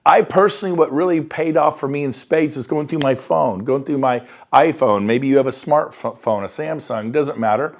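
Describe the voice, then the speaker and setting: A man coaching real estate agents on prospecting, talking with high enthusiasm and acting out quoted phone calls. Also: moderate pace, gravelly, hardly any pauses. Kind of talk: motivational coaching talk. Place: Sacramento area.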